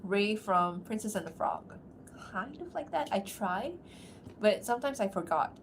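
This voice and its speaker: A woman streamer from outside America talks casually to her viewers in a mid-range voice. She moves through quick asides and laughs often. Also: mid-range voice, lively intonation, slight background noise. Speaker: streamer and voice actor. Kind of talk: casual livestream chat.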